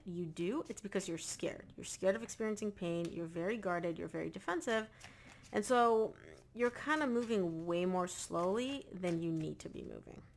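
Woman, tarot reader, emphatic, repeats herself, gravelly fry in her voice. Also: medium pitch, slight background noise. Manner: emphatic, repeats phrases, addresses the viewer directly. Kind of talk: casual spoken tarot reading.

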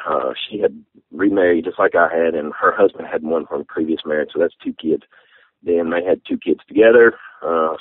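Man in his forties, deep husky voice, halting heartfelt testimony over a dry, tinny phone-like recording. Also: no room sound. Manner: halting, heartfelt, many fillers. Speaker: interview guest. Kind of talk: personal testimony.

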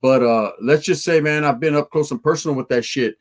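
A man reacting to a film on his livestream reads chat and talks casually in street slang with Spanish words thrown in. He speaks a little fast, in a voice on the high side.

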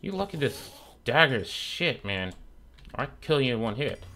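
A man's voice: medium pitch, sing-song, normal speed, creaky, sharp tone. A young man giving casual, profane commentary while streaming a game, trash-talking the mobs that attack him. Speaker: gaming streamer.

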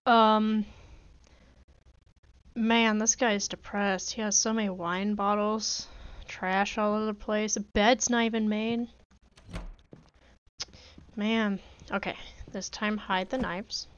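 Slow and flat in pitch movement, her mid-range voice has a clean tone, though the audio itself sounds dull. The gaming video creator chats and jokes through a casual let's-play, talking to herself with playful pleading and pausing at length.

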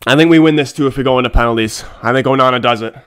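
A young man filming himself reacting live to a football match, muttering one moment and shouting and swearing the next. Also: mid-range voice, very fast, smooth.

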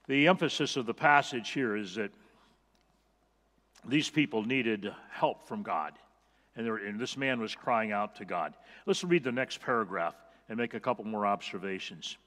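A man's voice: fairly low pitch, expressive, normal speed, a bit bright, long reverb tail. A male pastor preaching a sermon, earnest and emphatic, repeating key phrases for weight. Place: church sanctuary.

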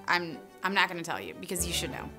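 A woman's voice: lowish voice, sing-song, fast, creaky, pushed and bright, soft background music, heavily acted. A woman playing a tipsy, petulant female co-host in a comedy sketch, drawling and childishly indignant. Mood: sulky demanding. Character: tipsy, petulant female co-host who sulks and demands apologies.

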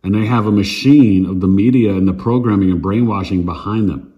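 Astrologer, man, 50s, low voice; punchy slangy monologue, repeats himself for emphasis. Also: a little fast, lo-fi sound. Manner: emphatic, repetitive, street slang. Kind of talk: casual direct-to-camera monologue.

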